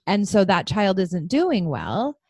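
Animated woman in her forties, dry close sound. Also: medium pitch, slow, no room sound. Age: 40s. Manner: animated storyteller, acts out kids' voices. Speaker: podcast co-host, parent coach. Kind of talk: casual parenting podcast chat.

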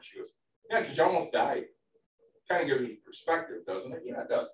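A man who coaches baseball, co-hosting a casual podcast, telling stories in an animated way with casual swearing. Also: fairly high pitch, fairly quick, gravelly, a little hiss or hum. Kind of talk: casual chat. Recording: roomy, distant from the mic.

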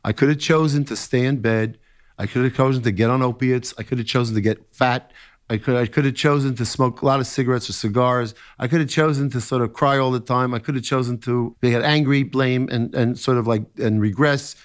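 A middle-aged man, a therapist, telling his own story in an interview, halting with many fillers and restarts and an occasional joke. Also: medium pitch, fairly even intonation.

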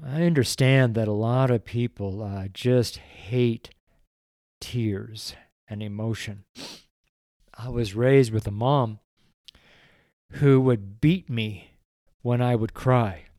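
Older man, pastor, emotional, rambling, folksy, dark voice, dry sound. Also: medium pitch, slow pace, pauses often, dry recording. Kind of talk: sermon read from a weekly letter, with prayer.

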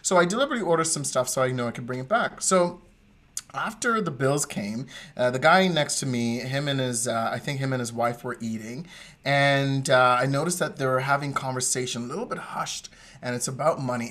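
A man co-hosting a podcast, telling a story in a lively, digressive way and often laughing. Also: mid-range voice, fairly quick. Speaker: podcast co-host. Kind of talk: casual chat, storytelling.

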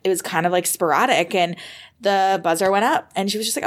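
A young American woman, a podcast guest, telling her story in a lively conversational way, full of "like" and acted-out moments. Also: mid-range voice, a little fast. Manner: animated, reenacts moments with fillers like "like".

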